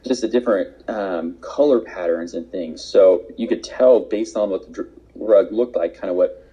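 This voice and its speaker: A man's voice: low-pitched, normal speed, mellow, slightly rough. A man casually telling a travel story with a friend on a podcast, wry and dry in delivery. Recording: dull lo-fi sound.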